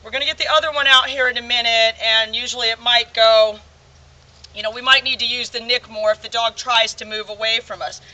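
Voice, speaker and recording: A man's voice: very high voice, steady tone, a little fast, sharp tone. A man working as a dog trainer, casually explaining a training drill straight to viewers and repeating his reminders, recorded outdoors. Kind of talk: casual training instruction to camera. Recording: voice somewhat far from the mic.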